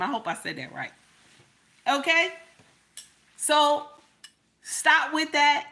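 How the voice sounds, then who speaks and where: A woman's voice: sits high, sing-song, takes it slowly, gravelly, long pauses, pushed and bright. A woman, telling a personal story to viewers in a sassy, emphatic way and often checking in with "okay?". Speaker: relationship commentator.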